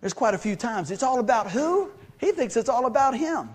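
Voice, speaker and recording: A man preaching a sermon as pastor, folksy and animated, acting out everyday conversations as he tells stories. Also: very high-pitched, a little fast, husky. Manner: folksy, animated storytelling with acted-out dialogue.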